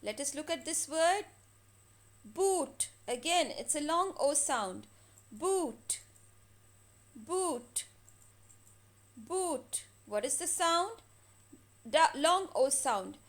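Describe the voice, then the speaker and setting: A woman teaching a phonics lesson to children, stretching and repeating each word slowly for practice. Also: sits high, animated. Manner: slow, drawn-out words repeated for practice.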